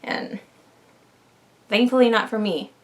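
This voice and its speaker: Woman vlogger in her twenties, a bit high voice, exasperated casual rant. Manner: animated, exasperated, fast tangents with laughs. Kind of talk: casual ranting vlog.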